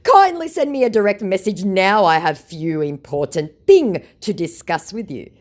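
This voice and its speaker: A woman's voice: mid-range voice, animated, moderate pace, darkish tone, pitched above the performer's own voice, natural voice. A woman putting on a wheedling male scammer. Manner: wheedling, overly sweet. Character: pushy male online romance scammer.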